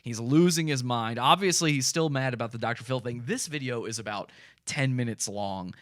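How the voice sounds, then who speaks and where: A man's voice: medium pitch, moderate pace, dry recording, studio quality. A man hosting a podcast, giving mocking, sarcastic commentary on a video and describing it for listeners. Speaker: podcast host.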